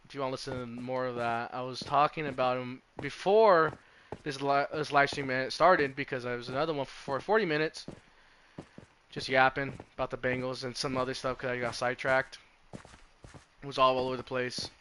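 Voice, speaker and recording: A man's voice: mid-range voice, fairly even intonation, moderate pace, a bit bright, slight background noise. A young man live streaming, chatting casually and rambling with lots of swearing and restarts. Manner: profane, rambling, self-interrupting. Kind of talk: casual live-stream chat about football.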